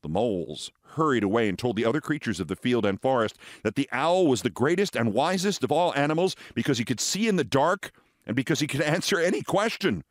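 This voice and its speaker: A theatrical man in his sixties reads fables aloud, letting his pitch rise and fall widely. His delivery is expressive and deliberate. The sound is close and dry with no room echo. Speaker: host.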